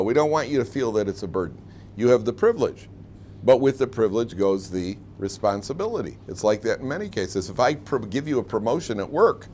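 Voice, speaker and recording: Rabbi, lively classroom talk, jokey asides, faint room hum. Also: male voice, mid-range voice. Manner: chatty and joking, acts out quoted lines. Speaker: rabbi teaching a weekly Torah class. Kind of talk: informal classroom lecture.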